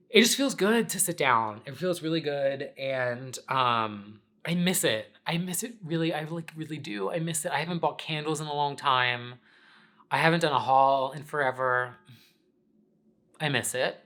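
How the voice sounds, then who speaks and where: A man's voice: a little high, pushed and bright. A man talking straight to camera from home, rambling and candid in a casual chat and swearing now and then. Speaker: vlogger and podcast host. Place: sitting at home in his apartment.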